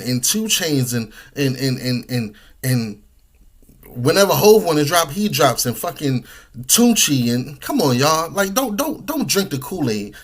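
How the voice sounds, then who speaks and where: With a slightly high, rather bright voice, a podcast host rambles through a casual monologue. He eats as he talks, and his speech is loaded with slang and profanity.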